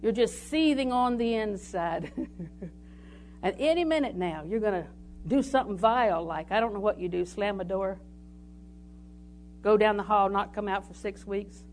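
A woman's voice: medium pitch, normal speed, long pauses, darkish tone, slight background noise. A woman preaching a sermon, telling homely stories and reading scripture aloud. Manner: folksy storytelling with scripture reading.

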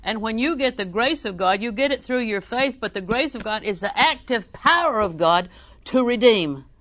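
A woman's voice: on the high side, expressive, moderate pace, a bit bright, dry recording. A woman preaching a sermon, reading scripture aloud and telling folksy family stories.

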